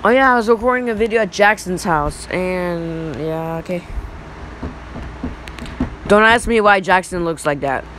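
A young male YouTuber in his teens giving rambling, excitable reaction commentary over old photos. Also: sits high, unhurried, pauses often, a little hiss or hum, poor audio. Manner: rambling, excitable, repeats "look".

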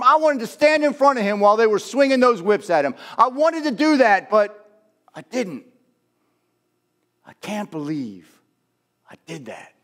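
A man voicing the remorseful apostle Peter in a sermon, pouring out anguished self-reproach. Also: fairly high pitch.

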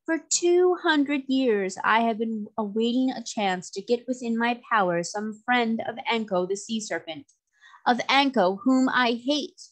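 A woman reading aloud, voicing a vengeful male sea magician who speaks slowly and sweetly with mocking calm. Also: medium pitch, lightly acted. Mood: gloating.

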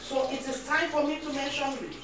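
A woman's voice: sits high, flat delivery, brisk, noisy background. A middle-aged woman with a Nigerian accent, giving an emphatic, rambling spiritual monologue to camera as a vlogger. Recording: echoey room.

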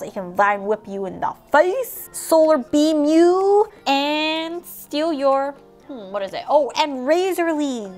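A woman with a high, lively voice chats through a toy unboxing. She is bubbly and playful and talks to herself as she goes. Faint music plays underneath. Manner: bubbly, playful, gasps and giggles. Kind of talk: casual unboxing narration.

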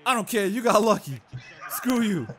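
A young man hosting his gaming channel, trash-talking and yelling at a soccer video game in casual commentary. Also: high voice, lively intonation, moderate pace.

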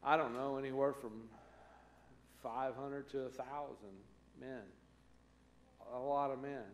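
A man's voice: medium pitch, little pitch movement, a little slow, reverberant, a little hiss or hum. A man preaching a conversational sermon as pastor, acting out the voices he quotes. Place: church sanctuary.

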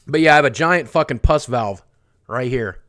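A man's voice: medium pitch, moderate pace, a bit bright. A man hosting a casual livestream, rambling bluntly and with profanity as he answers chat questions aloud. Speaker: livestream host.

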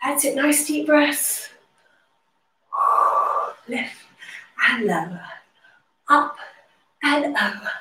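High-voiced woman calling out pilates counts. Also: animated, drawn-out words, pauses often, sharp tone. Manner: cueing moves and counting reps. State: slightly out of breath. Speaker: pilates instructor. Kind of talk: guided workout instruction. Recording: roomy, distant from the mic.

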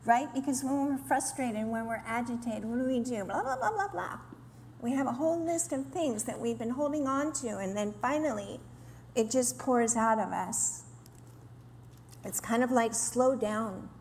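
A women's ministry speaker gives an earnest, teaching sermon to a women's gathering, at times acting out complaints in lively voices. Her voice is on the high side and moderately paced, recorded in a roomy hall with faint ambience and slight background noise.

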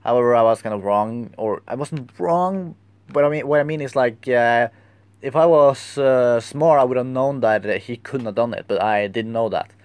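A young man tells a story in a casual vlog, rambling and halting as he searches for his words. His voice is smooth and clear, and the recording sounds dry and close, with no room echo. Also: mid-range voice, darkish tone. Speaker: vlogger.

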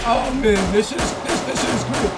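A man commentating a shooting game, trash-talking loudly with profane outbursts, his voice hoarse from yelling. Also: extremely high pitch, fairly quick. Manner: loud, profane trash talk with yelled outbursts. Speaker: gaming YouTuber. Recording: game music and gunfire underneath. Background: game gunfire and music.

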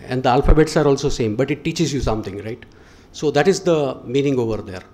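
A man's voice: medium pitch, quick pace, a little mellow. A man with an Indian accent, a guest speaker giving a motivational lecture with audience questions, telling stories and putting questions straight to the audience. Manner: storytelling, questions the audience directly. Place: lecture hall.

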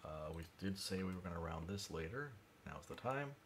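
A man livestreaming his CAD design work, thinking aloud in a mumbly way that drifts quieter as he concentrates. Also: deep voice, lively intonation, moderate pace, a little hiss or hum.

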